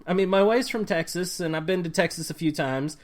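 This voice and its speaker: A man's voice: fairly high pitch, fairly quick, very noisy. A man hosting a casual podcast interview, introducing his guest and asking questions in a friendly, chatty way. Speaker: podcast host.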